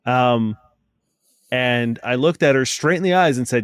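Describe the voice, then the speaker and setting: A man's voice: medium pitch, expressive, unhurried, fairly bright tone, clean tone, no echo. Playful man, dry close sound. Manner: playful, laughs through his jokes. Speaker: podcast co-host. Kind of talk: casual comedic chat.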